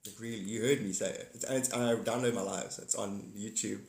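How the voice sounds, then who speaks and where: A man's voice: fairly low pitch, steady tone, a little fast, creaky, darkish tone. Rambling man, echoey room. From South Africa. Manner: rambling, repetitive, greets viewers by name. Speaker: livestream host. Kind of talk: casual livestream chat.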